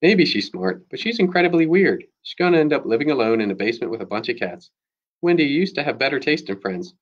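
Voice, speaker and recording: A mocking, bossy middle-school girl with a raised, sharp-edged voice, put on by a man reading the story aloud. Her lines come out high above the reader's own register and sound dull, like a lo-fi recording. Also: sing-song, fast talker. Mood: snide.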